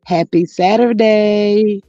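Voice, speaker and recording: A woman's voice: mid-range voice, fairly even intonation, takes it slowly, dark tone, dry recording. A woman hosting a casual livestream, chatty and sassy, greeting her viewers by name. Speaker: YouTube livestream host. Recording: dull lo-fi audio with faint music.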